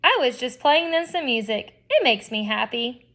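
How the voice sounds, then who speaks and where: Bashful storybook shopkeeper, read by a woman, quiet and halting. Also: on the high side, lively intonation. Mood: shy. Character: shy, awkward grown man who runs a pet store.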